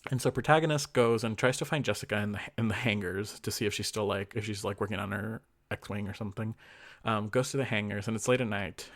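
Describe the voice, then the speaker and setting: This podcast co-host talks fast in a lowish, fairly bright voice. He chats casually as he rambles through the plot of a fanfic, quoting lines and leaning on plenty of fillers.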